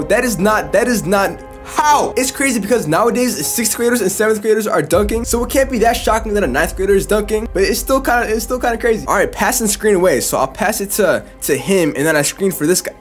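A young man with a bright, high voice narrates his video game play by play. He talks in quick bursts, hyping himself up and mocking the other team. Soft music plays faintly underneath. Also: lively intonation. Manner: hyped, trash-talking, rapid reactions. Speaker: gaming YouTuber. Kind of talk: excited gameplay commentary.

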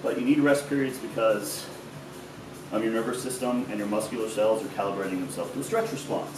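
This fitness vlogger's voice is lowish and steady, moving a little fast as he casually explains his stretches, loose and talkative with occasional swearing. He sounds a bit out of breath. A far-off mic in an echoey room captures plenty of background noise.

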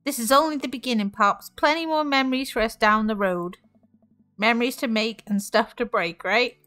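A woman's voice: on the high side, normal speed, bright, forceful tone, no echo, faint music behind. A woman reading an earnest teen daughter. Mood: playful. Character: cheerful teenage daughter leaving for college.

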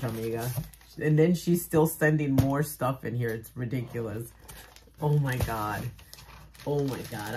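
Low-voiced woman gushing over craft mail. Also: a little hiss or hum. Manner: gushing, exclamatory, repeats phrases; swings between soft murmurs and loud squeals. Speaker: crafting vlogger. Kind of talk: casual unboxing chat to camera.

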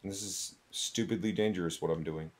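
A man's voice: low-pitched, a little fast. A male streamer giving chatty, jokey gameplay commentary while thinking aloud.

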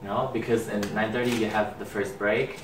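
A man from Germany with a German accent, explaining candy in halting English as he searches for words. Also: lowish voice, steady tone. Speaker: guest. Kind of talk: casual chat, explaining candy. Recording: echoey room, far from mic, clear noise.

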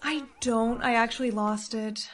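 Expressive young woman in comedy skits. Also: a little high. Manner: expressive, quick reactions. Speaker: skit creator playing the lead teen girl. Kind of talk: comedic POV skit acting.

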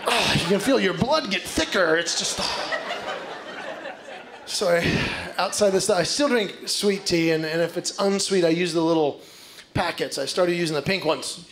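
A man performing a stand-up comedy set on stage, telling animated stories and acting out voices. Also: high voice, normal speed. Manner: animated storytelling with acted-out voices. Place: stage before a live audience. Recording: live show with loud crowd and noise. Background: audience laughter.

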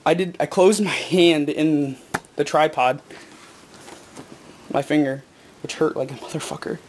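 Breathless excited teenage boy. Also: fairly high pitch, measured pace, slight background noise. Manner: excited, rambling with many ums and self-corrections. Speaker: gaming video maker. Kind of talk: casual unboxing vlog.

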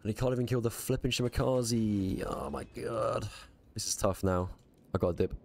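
A man streaming a naval battle game live, muttering quick reactive commentary to himself with a strained voice. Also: on the low side, a little mellow, slight background noise.

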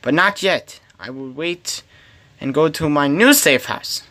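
Bright slow-talking male gamer. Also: a little high, animated. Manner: talks to himself, pleading and playful. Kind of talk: solo gameplay commentary.

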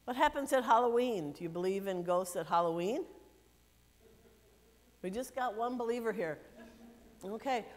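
A woman pastor reading scripture and then giving a gentle children's sermon, playfully asking the children questions. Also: mid-range voice, lively intonation, moderate pace, long pauses. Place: church sanctuary. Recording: long church reverb.

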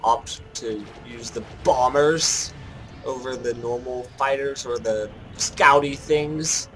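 A man giving casual let's-play commentary, joking at his own mistakes and thinking out loud as he plays. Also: mid-range voice, slow, faint music behind. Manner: jokey, self-mocking, thinks aloud while playing. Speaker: gameplay commentator.

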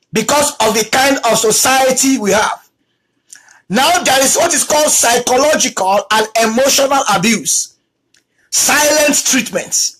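A preacher giving a talk on abuse in marriage, repeating key lines for emphasis and acting out quoted spouses in a lower voice. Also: fairly bright tone, breathy edge, low-quality recording. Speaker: teacher on marriage.

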